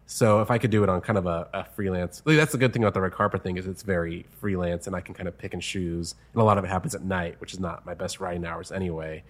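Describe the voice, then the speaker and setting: A man's voice: sits low, steady tone, quick pace, few pauses. A man, a screenwriter, chatting casually as an interview guest and laughing often between stories.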